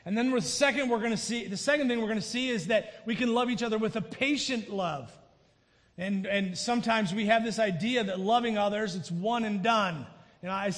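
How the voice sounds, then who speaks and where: A man with a high voice preaches a sermon, earnest and plain-spoken. He often doubles words as he restarts a thought. His voice rings out with the long reverb of a hall.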